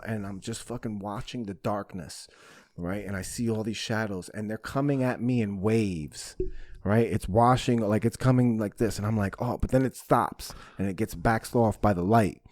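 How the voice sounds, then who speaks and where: A man hosting a podcast, telling a story in casual chat with lots of swearing and animated energy. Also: on the low side, normal speed, dry recording, studio quality. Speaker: podcast host.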